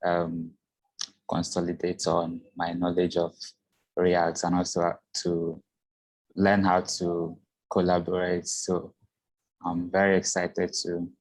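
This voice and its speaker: A man with a Nigerian accent introducing himself in a measured, deliberate way on a video call. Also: low voice, completely flat delivery, a little mellow, poor audio. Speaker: developer participant. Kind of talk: self-introduction in an online meeting.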